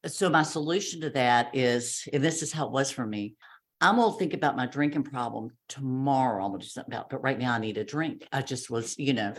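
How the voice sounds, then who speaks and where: A woman's voice: rumbling low, fast talker. A woman tells her own story to a group. She speaks candidly and pokes fun at herself, slipping into the voices of the people she talks about. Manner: candid, self-mocking, acts out voices of others. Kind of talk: personal testimony talk.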